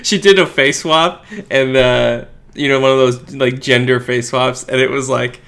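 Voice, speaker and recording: Teasing podcast guy with a bright sharp voice, laughs a lot, recording at home. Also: mid-range voice, fairly even intonation, normal speed, clean tone. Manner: teasing, laughs often, playful banter. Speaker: podcast co-host. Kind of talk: casual sports podcast chat. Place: room in his home. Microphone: shared studio microphone.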